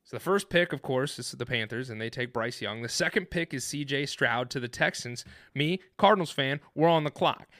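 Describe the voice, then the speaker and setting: A man tells a story on a casual podcast, rambling and worked up, often restarting his sentences. His voice is bright and sharp, sitting in a middle register. The sound is dry and close, with no room around it. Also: mid-range voice, moderate pace, hardly any pauses, no room sound. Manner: excited, rambling, with many restarts and fillers. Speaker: podcast co-host. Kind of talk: animated storytelling in casual chat.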